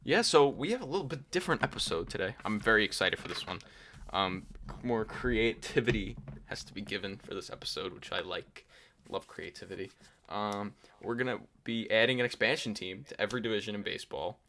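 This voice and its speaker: A young man hosts a casual sports podcast in a low voice with a bright, forward edge. He talks loosely, filling gaps with ums and repeating words as he goes. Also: a little fast, a little hiss or hum. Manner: relaxed, many fillers and restarts. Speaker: podcast host.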